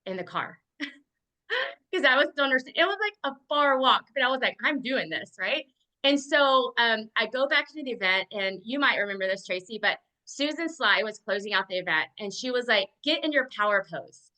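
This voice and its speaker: A woman's voice: on the high side, sharp tone, poor audio. A woman and team leader giving an earnest motivational testimonial on a video call, with a lot of "like" in her speech.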